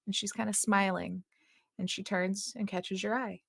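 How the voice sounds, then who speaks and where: A woman's voice: mid-range voice, fairly even intonation, moderate pace, creaky, slightly rough. A woman running a tabletop game as game master, describing scenes in a laid-back way.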